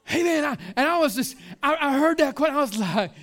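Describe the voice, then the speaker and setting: A middle-aged man preaches in a relaxed, street-casual way, peppering his lines with "man" and "listen." He sinks to near-hushed tones for weighty points, then swells louder and drags out the words he wants to land. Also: very high voice, brisk. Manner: swings between hushed and loud, stretching key words. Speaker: pastor. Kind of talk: sermon.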